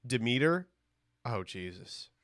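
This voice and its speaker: A man's voice: mid-range voice, sing-song, takes it slowly, fairly bright tone, no room sound, clean studio sound. A man live-streaming as he opens trading cards, rambling and joking crudely with his chat.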